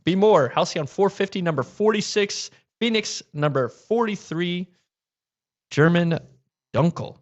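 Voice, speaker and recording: A man's voice: high voice, animated, a little slow, muffled recording. Chatty co-host man reading comments. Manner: chatty, reads viewer comments aloud, laughs easily. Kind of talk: casual livestream chat.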